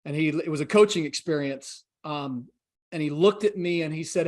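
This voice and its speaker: A man's voice: on the high side, moderate pace, a little mellow. A man in his forties, a podcast guest telling his story in an earnest, reflective way and acting out the dialogue he quotes. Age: 40s.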